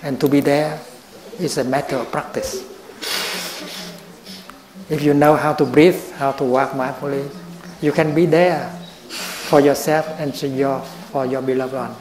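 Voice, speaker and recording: An older man giving a slow, gentle dharma talk as a Buddhist teacher. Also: mid-range voice, steady tone, a crowd in the background. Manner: slow and gentle, with long pauses. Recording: roomy echo.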